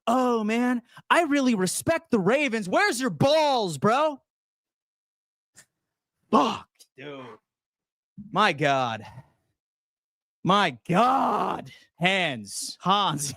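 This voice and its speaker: A man hosts a sports fan show in a high voice that leaps up and down as he rants. He is loud, profane and fired up while answering chat. The sound is dry and close. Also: no echo. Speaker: sports channel host. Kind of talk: fan rant reading chat.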